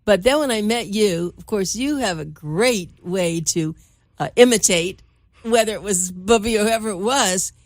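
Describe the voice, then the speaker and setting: A woman's voice: medium pitch, normal speed, no echo, clean studio sound. A woman from Miami Beach hosting an interview, talking in a chatty, hesitant way. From Miami Beach, Florida. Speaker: host. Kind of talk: casual interview talk.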